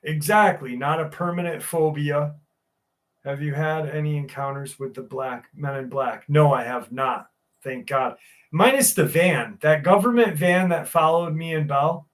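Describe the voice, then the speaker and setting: Man, live stream host, casual chat, slightly high voice, slow relaxed delivery, jokey and profane. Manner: loose and jokey, swears freely. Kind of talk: casual live chat, reading viewer comments.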